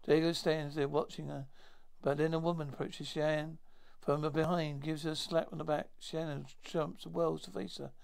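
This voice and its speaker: A man retelling a science fiction episode aloud in a halting way, with many restarts and self-corrections. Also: a little high, level tone, vocal fry, a little mellow, clear, resonant tone. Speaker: storyteller.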